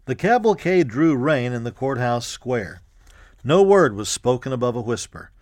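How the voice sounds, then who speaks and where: A man reading a history audiobook in a measured, even storytelling manner. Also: medium pitch, dry recording, studio quality. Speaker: narrator. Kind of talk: scripted audiobook narration.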